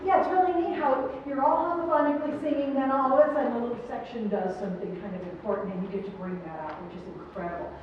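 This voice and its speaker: A woman's voice: high-pitched, quick pace, hardly any pauses, a little hiss or hum. Upbeat woman coaching a choir in a hall. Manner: upbeat, encouraging, asks the singers questions. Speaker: choir festival clinician. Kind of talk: choral clinic feedback to a choir. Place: large performance hall. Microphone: distant room mic. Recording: echoey hall, distant mic, muffled.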